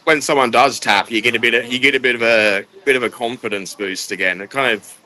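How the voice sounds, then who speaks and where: A man's voice: medium pitch, steady tone, fast talker, pushed and bright, rough recording. A man answering interview questions in a hesitant, laid-back way. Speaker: competitive chilli eater.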